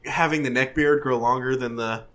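A man chatting casually with friends, telling stories in an animated way and laughing often. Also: mid-range voice, moderate pace. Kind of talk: casual chat among friends.

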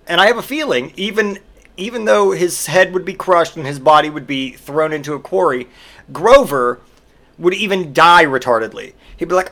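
A man's voice: fairly high pitch, moderate pace, a bit bright. A man hosting a podcast, delivering a profane solo comedic rant full of exaggerated mock outrage. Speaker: podcast host.

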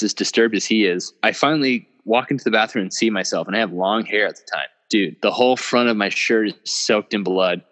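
A man's voice: fairly low pitch, a bit bright, long reverb tail, muffled recording. A young man casually telling a long story, rambling and swearing, often laughing at himself. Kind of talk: casual podcast chat.

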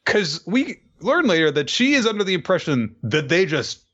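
A man's voice: sits high, sing-song, normal speed, fairly bright tone, lo-fi sound. A man casually chatting with a co-host about an anime, adding wry comments. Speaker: podcast co-host. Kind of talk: casual anime recap chat.

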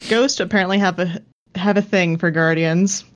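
A woman host reading a story aloud and chatting about it in a measured way. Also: on the low side, steady tone, slight background noise. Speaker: podcast host and reader. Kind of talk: story reading and casual chat. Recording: slightly dull sound.

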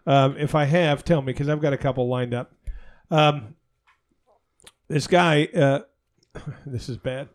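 A man's voice: mid-range voice, a little slow. A man co-hosting a casual podcast, telling a long crude joke with many stumbles and fillers. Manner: rambling, crude, stumbles over setups. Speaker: podcast co-host.

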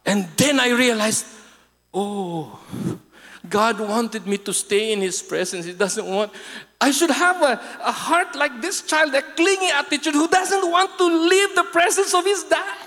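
A man with a Filipino accent preaching a sermon, telling stories in an animated way, acting out voices and singing snatches of songs. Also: very high-pitched, a little slow. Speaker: pastor. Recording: long hall reverb.

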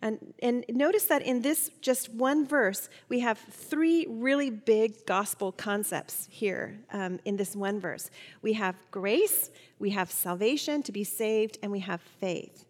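A woman's voice: mid-range voice, slow, in a large hall. A middle-aged woman teaching a Bible study lesson, telling personal stories in a chatty way, with fillers and restarts.

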